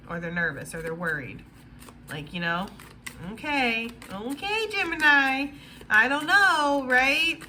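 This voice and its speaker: Bright-voiced chatty woman tarot reader. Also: mid-range voice, a little hiss or hum. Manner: chatty, blunt, swears freely. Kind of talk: casual tarot reading.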